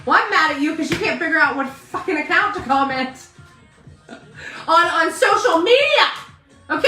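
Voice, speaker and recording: Woman, live-stream host, casual chat, loud joking banter, bright tone, echoey room. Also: extremely high pitch, big pitch swings, measured pace, long pauses, distant mic. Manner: loud, laughing banter with viewers. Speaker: wig seller hosting a live stream. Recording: roomy sound from off-mic with faint music.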